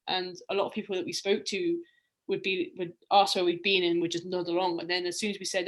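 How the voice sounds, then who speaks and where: A woman's voice: on the low side, fairly even intonation, fast. A young woman, a guest on a podcast, chatting in a reflective, storytelling way with plenty of ums and restarts. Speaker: guest, round-the-world cyclist. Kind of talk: casual podcast conversation.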